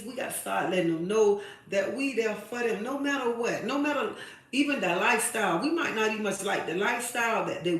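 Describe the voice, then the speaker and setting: A woman hosts a live stream, urging women with emphatic, sermon-like advice and repeated phrases for impact. She speaks at medium pitch, sitting away from the microphone in a room with heavy echo.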